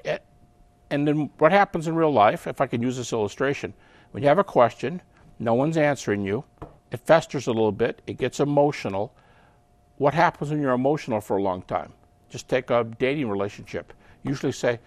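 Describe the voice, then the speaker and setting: Animated man explaining in a dry, close recording. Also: mid-range voice, fairly quick, no echo. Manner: animated, acts out quoted voices. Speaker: interview guest. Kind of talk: explanatory interview talk.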